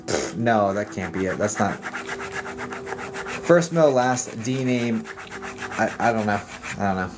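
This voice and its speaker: A man's voice: lowish voice, lively intonation, measured pace, pauses often, noisy background. A man speaking as a psychic medium on a casual livestream, rambling and chatty with many fillers and laughs. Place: home livestream setup. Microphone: streaming mic. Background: soft background music.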